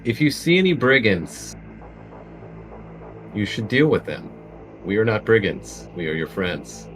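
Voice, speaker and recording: A man with a very deep voice, playing a character in an online tabletop game. He talks hesitantly, stopping and restarting, while faint music plays underneath. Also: very animated, unhurried, a bit bright, poor audio. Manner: hesitant, full of ums and restarts. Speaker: player. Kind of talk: casual tabletop role-play.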